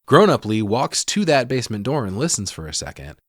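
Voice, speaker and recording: A man co-hosting a podcast, recapping a film in casual, profane, animated storytelling. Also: mid-range voice, fairly quick, dry recording, studio quality. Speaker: podcast co-host.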